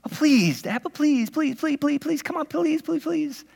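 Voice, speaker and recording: A man's voice: extremely high pitch, animated, unhurried, vocal fry, a little mellow, pitched above the performer's own voice, heavily acted. A man voicing his nine-year-old son, pleading and repeating himself to his dad. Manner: whiny, repeating pleas. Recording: long hall reverb.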